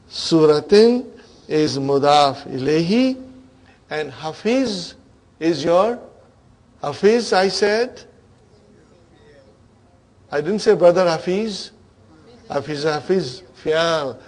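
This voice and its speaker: A man with a fairly high-pitched voice leads an Arabic grammar class, quizzing students with repeated questions and murmuring soft praise.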